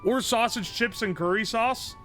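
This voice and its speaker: A male streamer thinking aloud over a food guessing game, excitable and profane. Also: very high voice, moderate pace, faint music behind. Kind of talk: casual game commentary.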